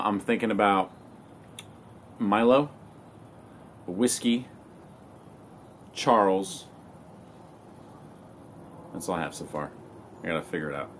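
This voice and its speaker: A young man talking casually to his camera in a relaxed, slangy way, swearing now and then. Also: low-pitched, slow pace, long pauses, slight background noise. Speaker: vlogger. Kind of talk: casual vlog talk to camera.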